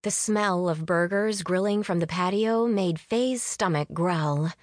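A woman reading a story aloud as an audiobook narrator, with expressive delivery. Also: lowish voice, measured pace, no echo, clean studio sound. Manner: expressive reading, voices characters with lively lift. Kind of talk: scripted narration.

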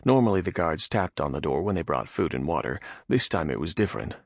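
A man narrating a fantasy audiobook with lively storytelling delivery. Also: a bass voice, fairly quick, gravelly, dry recording, clean studio sound.

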